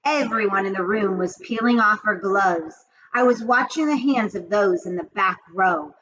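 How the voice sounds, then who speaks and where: A woman reading a children's story aloud with expressive, dramatic storytelling. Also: medium pitch, normal speed, highs cut off, a little hiss or hum. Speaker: reader of children's books. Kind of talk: storybook read-aloud narration.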